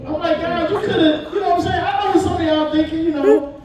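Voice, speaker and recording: A man doing a stand-up comedy set in a live club, animated and talking straight to the crowd. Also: very high voice, fast talker. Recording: roomy, far-off mic, loud crowd. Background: audience laughter.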